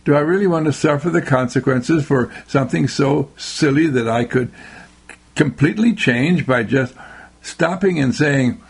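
A man, a university dean, giving a slow, emphatic inspirational radio talk with lots of repetition and exclamations. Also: a little high, creaky, husky.

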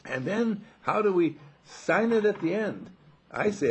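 An older man giving a gentle, rambling, folksy talk, chuckling as he reflects. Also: high-pitched, big pitch swings, moderate pace, slightly rough. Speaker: inspirational speaker.

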